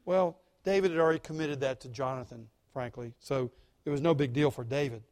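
A male pastor preaching a sermon, emphatic and dramatic, dropping to quiet asides between stressed points. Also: mid-range voice, a little fast.

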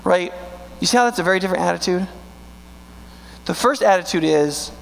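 High, gravelly-voiced pastor preaching. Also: male voice. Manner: emphatic, rhetorical questions, slow stressed words. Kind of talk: sermon. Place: church sanctuary. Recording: long hall reverb with faint mains hum.

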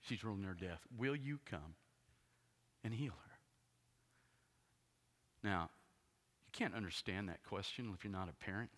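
A man preaching a sermon as a pastor, retelling the story dramatically and swinging from hushed tones to loud ones. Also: lowish voice, measured pace, pauses often. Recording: long hall reverb.

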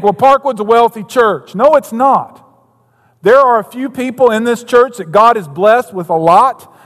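A man's voice: high-pitched, fairly bright tone. A man preaching a sermon as pastor, telling a story and then driving his points home with emphasis. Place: church sanctuary. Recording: long hall reverb.

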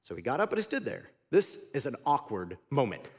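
A man's voice: medium pitch, a little fast, slightly rough, in a large hall. A middle-aged male pastor preaching a sermon, talking to the congregation in a conversational way and asking them questions. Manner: animated preaching with sudden drops to quiet.

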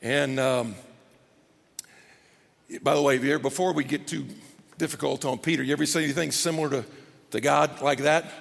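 A man preaching a sermon as pastor, animated, acting out scripture scenes. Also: a little high, moderate pace, vocal fry, pauses often. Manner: animated, acts out scripture scenes in character voices. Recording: long reverb of a large hall.

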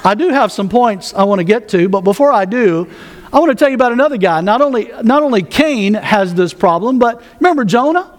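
A man's voice: high-pitched, lively intonation, a little fast, some chatter behind. A man pastor preaching a sermon, folksy with joking asides, reading scripture aloud.

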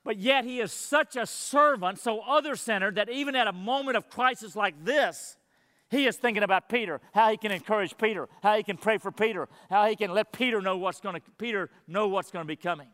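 A high, bright-voiced man delivers an earnest sermon as pastor. He presses his listeners with questions, and his voice rings out through the long reverb of a church hall. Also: brisk. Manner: earnest preaching, rhetorical questions.

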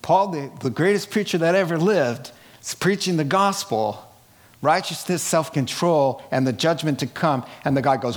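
A man preaching a sermon, swinging from hushed, quiet lines to loud, laughing outbursts. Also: a little high, measured pace. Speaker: pastor.

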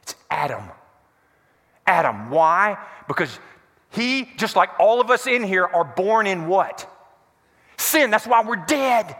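Animated pastor preaching, bright and high. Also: male voice, slow pace, long pauses. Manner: animated, quizzes the congregation with call-and-response questions. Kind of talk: sermon. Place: church hall before a congregation. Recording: echoey hall reverb.

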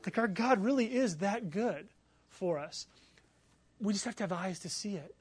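A man preaching as a pastor, telling a personal story in an animated, excitable way with many fillers. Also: high voice, normal speed, breathy edge. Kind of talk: sermon storytelling.

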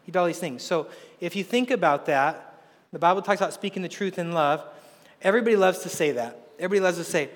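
A man with a high voice preaches to his congregation, mixing jokes and personal stories into the sermon. The sound carries a long reverb from a large hall. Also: quick pace. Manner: conversational storytelling with humor. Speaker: pastor.

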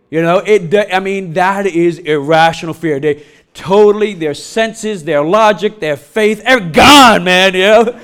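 A middle-aged man preaching a sermon, telling a funny personal story, laughing often and getting loud as he acts it out. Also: sits high, clean tone. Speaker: pastor.

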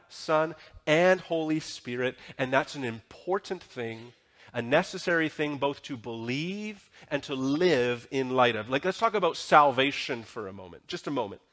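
A man's voice: mid-range voice, fairly bright tone. A male pastor preaching a sermon in a church, talking in a conversational way and often asking the congregation questions. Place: church sanctuary.

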